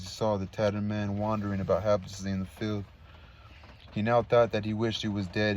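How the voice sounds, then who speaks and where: A man's voice: on the low side, darkish tone, a little hiss or hum. A man reading a classic novel aloud as narrator, in a plain manner with small slips and asides. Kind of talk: read-aloud audiobook narration.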